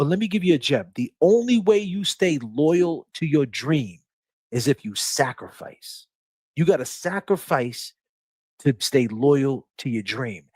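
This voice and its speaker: A man hosts a livestream in a casual way, preaching emphatically, swearing, and repeating phrases for force. His voice is mid-range and slightly mellow, with no room sound in the audio.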